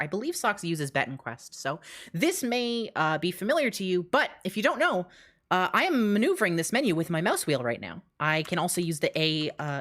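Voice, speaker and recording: Breathless, excited young woman streamer. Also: mid-range voice. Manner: animated, rushing, laughs between phrases. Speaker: streamer and game mode developer. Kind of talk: excited live-stream walkthrough.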